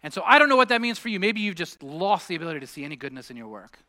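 A man's voice: sits high, very animated, racing, pushed and bright. A middle-aged man preaching a sermon as pastor, telling stories conversationally and building to emphatic peaks. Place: church sanctuary. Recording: long hall reverb.

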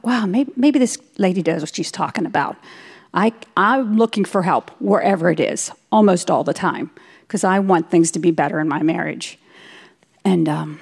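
A woman's voice: lowish voice, gravelly. A woman sharing a personal testimony in a conversational way, acting out the dialogue she quotes. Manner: lively storyteller who acts out quoted dialogue.

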